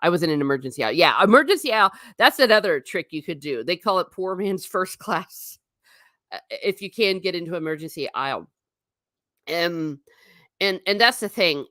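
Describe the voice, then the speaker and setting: A woman's voice: moderate pace, no room sound, studio quality. A middle-aged woman hosting a livestream, chatting casually and rambling, reading comments from chat. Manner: chatty, rambling, animated pitch swings.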